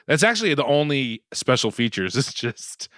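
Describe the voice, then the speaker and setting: A man's voice: mid-range voice, sing-song, moderate pace, fairly bright tone, no echo, clean studio sound. A man co-hosting a podcast, joking around in casual chat and asking playful questions. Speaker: podcast co-host.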